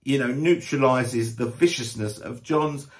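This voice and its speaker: A man's voice: medium pitch, unhurried. A man giving a casual, rambling spoken album review, blunt in his opinions and full of hesitations and restarts. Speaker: music reviewer.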